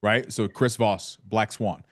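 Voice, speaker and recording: A man's voice: lowish voice, fairly even intonation, slow. Emphatic male sales coach. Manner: emphatic, playful, acts out sales calls. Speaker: real estate sales coach. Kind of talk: live training session.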